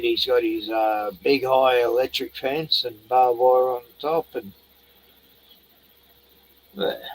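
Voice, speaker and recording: Gravelly, slow Australian man rambling. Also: medium pitch, no room sound, rough recording. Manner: rambling, swearing, chatting to his dog. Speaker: livestream host. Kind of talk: casual livestream chat.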